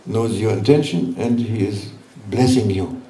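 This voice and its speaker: A man giving a sermon at a religious gathering, speaking gently and teasingly in broken English to reassure his listeners. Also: fairly low pitch, fairly even intonation, measured pace, a little hiss or hum. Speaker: sheikh giving a religious talk. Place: large hall at a gathering. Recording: roomy hall, voice from far off.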